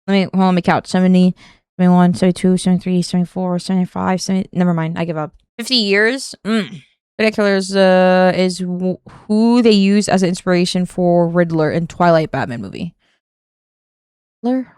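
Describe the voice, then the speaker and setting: A woman's voice: medium pitch, fairly quick, smooth, no room sound, clean studio sound. A young woman streaming a casual reaction commentary, exasperated and rambling, swearing often and breaking into laughs.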